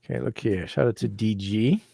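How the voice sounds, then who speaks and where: A man hosting a casual livestream chat who laughs often and gives shout-outs to viewers. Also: lowish voice, normal speed, creaky, no echo. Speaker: host.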